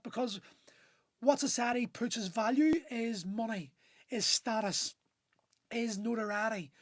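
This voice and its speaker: A man's voice: very high-pitched, dry recording. A man in his forties, a gym owner, ranting fervently on a phone livestream, swearing often and restarting his sentences. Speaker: gym owner and men's coach. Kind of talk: impassioned live-stream monologue.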